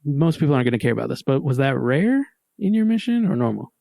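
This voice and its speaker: Podcast guy with a gravelly voice asking questions, dry close mic. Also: medium pitch, big pitch swings, fast talker, warm tone, dry recording. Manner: short reactions and curious questions. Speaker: podcast co-host. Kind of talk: casual chat, asking questions.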